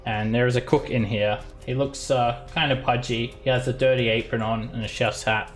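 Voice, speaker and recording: A man narrating as dungeon master, halting with many fillers. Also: mid-range voice, steady tone, faint music behind. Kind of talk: narrating a tabletop game.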